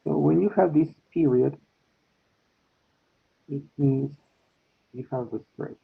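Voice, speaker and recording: A man teaching an online English class, slowly checking in with his students. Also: fairly high pitch, vocal fry, slightly rough. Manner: slow, repeats with "okay?" and "no?" checks. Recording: tinny phone-like line.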